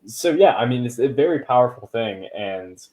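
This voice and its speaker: A man's voice: medium pitch, animated, moderate pace, warm tone. A man hosting a podcast in casual chat, rambling with many fillers and throwaway asides. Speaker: podcast host.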